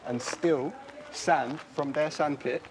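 A man from Poland, chatting animatedly with lots of slang while walking through his childhood neighbourhood. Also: a little high. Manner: animated, slangy, quick to laugh. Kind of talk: casual walking tour chat. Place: outdoors on city streets. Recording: street noise and traffic outdoors.

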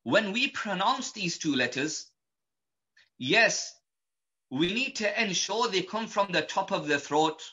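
A man teaching pronunciation in a slow, methodical lesson, patiently repeating each point. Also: sits high, pushed and bright, muffled recording. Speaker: Quran recitation teacher.

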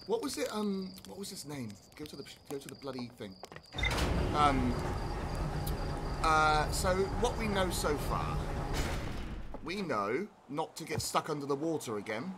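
This gameplay streamer speaks in a fairly high, sing-song voice, unhurried and with long pauses. He chats in a rambling way and swears freely, with game music and heavy background noise behind him.

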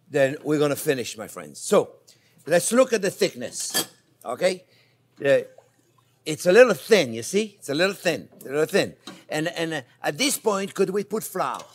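An older man with a French accent, a chef chatting warmly through a cooking demonstration and calling viewers his friends. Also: fairly high pitch, a little hiss or hum. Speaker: chef host.

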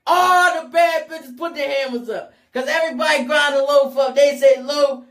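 A woman with a Philadelphia accent hosting a live call-in talk show, loud and hyped, shouting to her callers. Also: high voice, normal speed, creaky, roomy sound. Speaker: radio talk show host.

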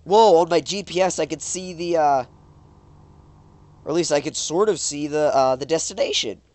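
A man's voice: on the high side, moderate pace, a little mellow. A man with a stuffed-up nose giving casual, rambling commentary while playing a driving game, often exclaiming at the road. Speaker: gaming YouTuber.

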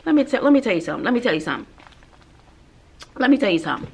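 A sassy woman teacher vents in casual vlog chat. Her voice sits a little high, and she talks to viewers like girlfriends. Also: sing-song, rapid-fire, creaky, breathy edge. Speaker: middle school teacher.

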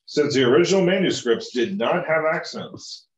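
In class, a male student reads from the textbook at a steady, moderate pace and asks short questions. His voice is on the high side and animated. The audio comes across roomy, distant and muffled.

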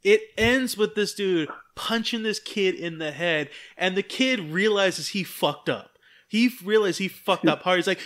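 High-voiced man telling a story with energy. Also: unhurried. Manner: animated storytelling, acting out quoted voices, swears a lot. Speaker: podcast co-host. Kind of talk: casual chat.

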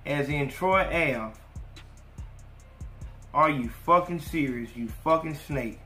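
A man's voice: fairly high pitch, slow, sharp tone, echoey room, faint music behind. A man hosting a podcast in a loose, profane, direct monologue. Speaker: podcast host. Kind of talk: casual monologue.

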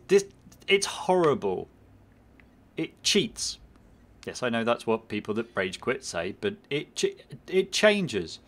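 A man commentating his own game playthrough, rambling and self-mocking, muttering at the game as he plays. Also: medium pitch. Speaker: gaming channel host. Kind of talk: let's play commentary.

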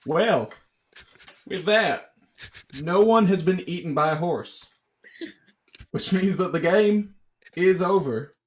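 A man narrates as the storyteller of a social deduction game, his voice sitting a little high. He takes his time, drawing words out between chuckles and fillers as he sums up who played what. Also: expressive. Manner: drawn-out, chuckling delivery with many fillers. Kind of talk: game announcing and recap.

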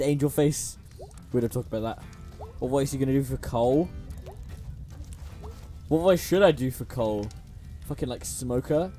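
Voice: mid-range voice, dark tone. A streamer chatting casually over a story game, reading the characters' lines aloud in playful voices and swearing in slangy asides. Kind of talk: casual gaming livestream commentary.

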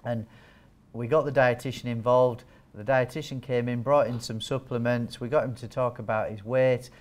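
A man giving a training talk to nurses as a wound care trainer, chatty and joking, quizzing the audience. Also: mid-range voice. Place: training hall with a live audience.

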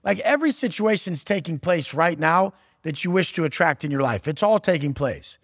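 A man's voice: on the high side, expressive, moderate pace, a bit bright, breathy edge, no echo, studio quality, in a large hall. A man giving a profane, aggressive motivational rant as a podcast guest, taunting and blunt.

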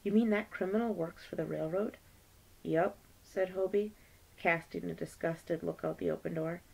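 Gravelly low-voiced woman reading aloud. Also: fairly even intonation, moderate pace, darkish tone, low-quality recording. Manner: plain classroom read-aloud, lightly voicing characters. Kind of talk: read-aloud of a novel.

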